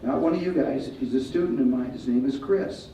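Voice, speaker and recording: Loud man drilling a school assembly. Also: medium pitch, fairly quick. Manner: loud, commanding, drills kids with repeat-after-me prompts. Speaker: martial arts instructor. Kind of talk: school assembly talk with call-and-response. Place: large school hall or gym. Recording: echoey hall, distant, dull sound, faint crowd.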